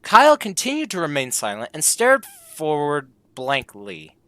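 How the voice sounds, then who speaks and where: A man's voice: a little high, wildly swooping pitch, measured pace, bright, forceful tone, no echo. A man reading out the text of a comedy game as he plays, joking about the choices in a playful way and putting on voices for the lines. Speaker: gameplay commentator.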